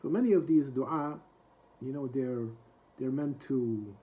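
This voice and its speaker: A man giving a reflective book lesson, reciting quoted prayers quickly and then translating them slowly, with frequent soft hesitations. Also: medium pitch, highs cut off.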